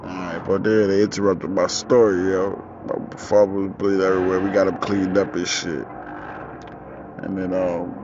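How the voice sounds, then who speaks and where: A man's voice: deep voice, moderate pace. A young man hosting his own podcast, telling a story in casual street slang, outdoors with four-wheelers passing. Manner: animated, profane, street slang. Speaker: podcast host. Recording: dull lo-fi, faint outdoor vehicle noise.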